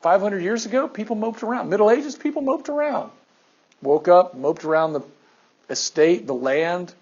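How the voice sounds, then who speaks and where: A man's voice: high voice, normal speed. Man teaching a class, lo-fi sound. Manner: animated, asks the class questions. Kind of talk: classroom lecture.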